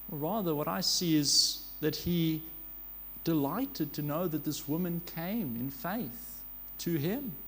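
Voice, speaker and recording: A man with a high, light voice preaches an earnest sermon, asking rhetorical questions and stopping now and then to correct a word. A low mains hum sits under the recording.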